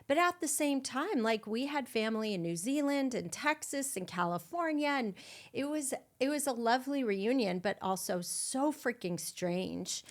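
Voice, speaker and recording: A middle-aged woman hosting a podcast, telling a raw, emotional personal story with blunt swearing and dark humor. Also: fairly high pitch, animated, moderate pace. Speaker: podcast host. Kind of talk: candid conversational storytelling.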